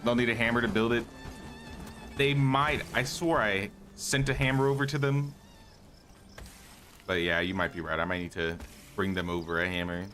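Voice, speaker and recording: A man's voice: on the low side, moderate pace, pauses often, fairly bright tone, soft background music. A man casually talking through a live game stream, thinking aloud and greeting viewers, his voice a bit worn. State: slightly losing his voice.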